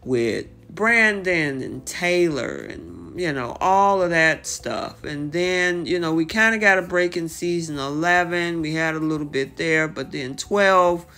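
Reality show recap host, casual chatty commentary, animated delivery, mid pitch, acts out quotes, filler-heavy. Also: soft background music. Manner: animated, acts out the cast's lines in quick bursts; conversational, many fillers like "you know".

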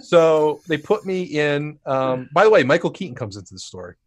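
A podcast co-host, a man with a fairly high pitch speaking at normal speed, tells a casual story with animation. He acts out quotes and swears freely.

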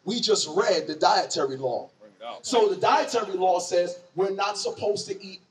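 Heard from a distant mic amid a lively crowd, a man teaches scripture in a slangy, conversational call-and-response style, quizzing his listeners. His voice is high-pitched and moves at a moderate pace.

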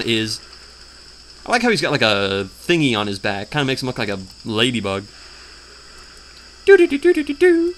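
Crude, lively man. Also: medium pitch, slight background noise. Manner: crude, mocking, hums the theme, tries funny voices. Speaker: let's player. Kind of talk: casual gameplay commentary.

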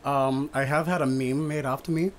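A woman from Papua New Guinea with an American-sounding accent, hosting a casual podcast chat, animated and quick to laugh. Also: rumbling low, over a noisy crowd. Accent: Papua New Guinean with an American-sounding lilt. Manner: animated, laughs often, lots of restarts. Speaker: podcast host.

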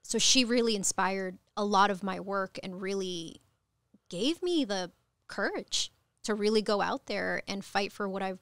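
A woman in her thirties from Ecuador, a cannabis attorney, speaking as a podcast guest in candid conversational storytelling, frank and animated, swearing casually. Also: medium pitch, measured pace, clean tone, no echo.

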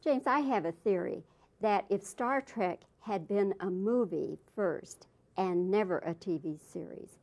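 A woman's voice: mid-range voice, measured pace, a little mellow. Female interviewer, plain and conversational, asks short direct questions.

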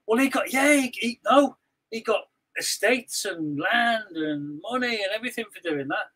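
A Scouse man with a high, bright and husky voice co-hosts a live stream. He talks bluntly and with animation, tumbling through restarts as he tells his stories. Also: animated, moderate pace, poor audio. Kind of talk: casual live-stream chat.

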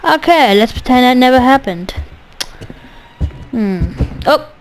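A woman's voice: sits high, expressive, takes it slowly, pauses often, poor audio. A woman doing a let's play commentary, goofy and sweary, talking back to the game. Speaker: gamer.

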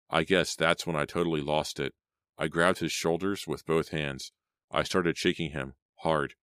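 Very deep-voiced male audiobook narrator. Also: steady tone, normal speed, fairly bright tone, clean tone, dry recording. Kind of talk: scripted storybook narration.

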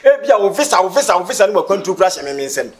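A man's voice: sits high, sing-song, racing. An actor playing a boastful older man who shows off his money in a comedy film.

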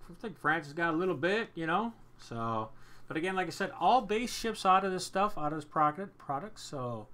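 Bright-voiced man hosting a card break. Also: mid-range voice. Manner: upbeat, chatty, repeats himself while flipping cards. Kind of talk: casual card-opening commentary.

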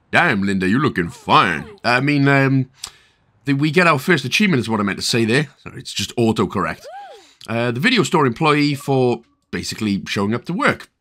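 Lively jokey Welsh man. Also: mid-range voice. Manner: jokey, playful asides. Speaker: gaming video host. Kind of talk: game achievement walkthrough commentary.

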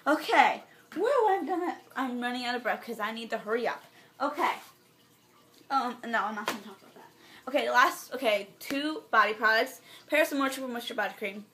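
A bright-voiced teenage girl, a little high in pitch, talks through her monthly favorites in a bubbly, gushing way. She rambles and restarts, then drops into soft, near-whispered asides. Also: brisk, slight background noise. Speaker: beauty vlogger. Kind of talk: casual favorites vlog.

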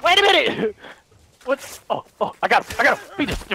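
A young man playing a co-op game, excitable, shouting and laughing often. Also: extremely high pitch, brisk, vocal fry. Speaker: gamer playing co-op. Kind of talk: excited gameplay banter.

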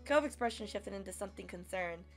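A woman's voice: medium pitch, fast talker, soft background music. A woman streamer reading a romance visual novel aloud and reacting expressively. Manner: expressive, gushing, playful. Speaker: gaming streamer.

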